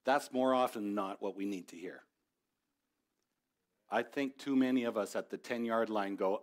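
A man's voice: fairly low pitch, moderate pace, pauses often. A middle-aged man preaching a sermon as a pastor, conversational and building to passionate exhortation.

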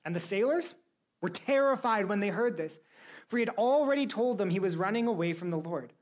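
A woman's voice: medium pitch, lively intonation, brisk, a little mellow. A woman teaching a Bible lesson to a young church group, telling the story with energy and quizzing her listeners.

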